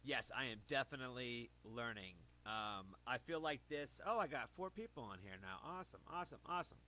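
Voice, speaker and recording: A man's voice: mid-range voice, lively intonation, brisk, bright, forceful tone. A man casually chatting to viewers on a livestream, rambling and correcting himself while he talks close into his own streaming mic. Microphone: own streaming mic, adjusted close.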